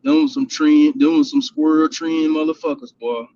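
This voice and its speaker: A man's voice: on the high side, sing-song, measured pace, gravelly, highs cut off, crowd noise. A man from Houston, Texas, telling laid-back hunting stories in casual chat and laughing often.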